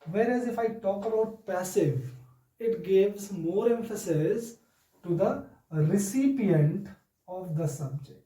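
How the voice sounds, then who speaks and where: Man, teacher, grammar lesson, slow and deliberate, high voice, echoey room. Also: expressive, dark tone, far from the mic. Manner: slow, deliberate, addresses children often.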